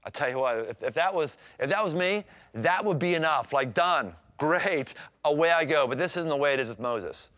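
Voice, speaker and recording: Male pastor, sermon, animated, emphatic, conversational, slightly high voice. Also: moderate pace. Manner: animated, acts out scripture scenes with voices.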